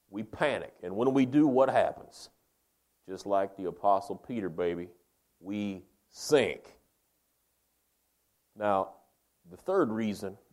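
His voice sits on the low side as he preaches, folksy and emphatic, addressing listeners as "man" and "baby." He alternates between loud emphasis and quiet, slow delivery.

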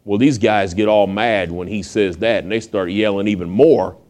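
A man preaching a sermon, retelling a Bible story in lively, conversational storytelling and acting out the characters' voices. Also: fairly low pitch, normal speed. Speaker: pastor.

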